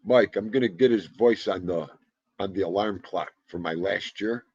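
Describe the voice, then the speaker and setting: A man's voice: sits low, moderate pace, darkish tone, slightly rough, no echo. A man in his fifties hosting a casual livestream, greeting viewers one by one and joking around. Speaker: livestream host. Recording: dull lo-fi livestream audio.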